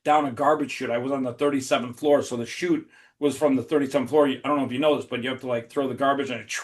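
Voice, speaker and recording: A man in a casual podcast chat, telling a long funny story in an animated way, swearing freely and laughing as he goes. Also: mid-range voice, quick pace. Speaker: podcast guest.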